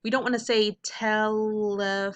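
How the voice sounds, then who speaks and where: Bright, upbeat woman teacher. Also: medium pitch, animated. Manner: upbeat, checks in with frequent "okay?"; slows to sound out words carefully. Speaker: reading teacher. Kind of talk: classroom video lesson.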